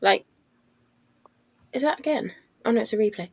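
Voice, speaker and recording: A woman's voice: a little high, expressive, normal speed, breathy edge, dry recording. A woman on a football podcast panel, talking things through in a thoughtful, hedging way. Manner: thoughtful, hedging with "I don't know" and "like". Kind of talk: casual chat.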